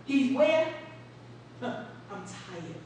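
Woman preacher, chatty storytelling sermon with questions to the room, high voice heard from afar in a reverberant sanctuary with faint hiss. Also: sing-song, very slow, a little mellow, recorded from a distance. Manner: storytelling, asks the congregation questions, laughs often. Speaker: preacher addressing a congregation. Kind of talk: conversational sermon. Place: church sanctuary.

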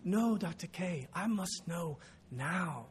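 A man's voice: high-pitched, lively intonation, slow, a little hiss or hum. A man voicing a young Ugandan student with a Ugandan accent, insistently pleading with his teacher. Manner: pleading, urgent.

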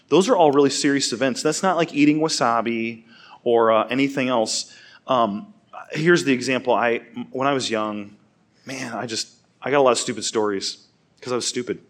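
A man preaching a sermon in an easygoing, conversational way. His voice sits in a middle pitch. He weaves a personal story into the teaching and speaks directly to the people listening. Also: moderate pace. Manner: casual, chatty, laughs through his story.

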